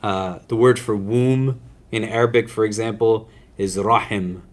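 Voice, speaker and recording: A man's voice: fairly low pitch, fairly even intonation, normal speed, darkish tone, a little hiss or hum. A man teaching a class on prayer in a casual, conversational way, often checking in with his students.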